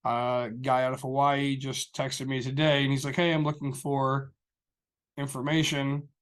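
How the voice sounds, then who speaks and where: A man's voice: mid-range voice, little pitch movement, moderate pace, a bit bright, smooth. A man co-hosting a podcast, rambling through a story in casual chat and acting out the people he quotes. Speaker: podcast co-host.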